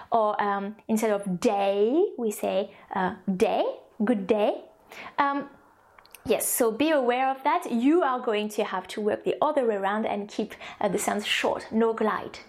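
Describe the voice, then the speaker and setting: French-accented woman teaching a language course. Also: a little high. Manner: explains step by step with many fillers and restarts. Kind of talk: recorded online course lesson.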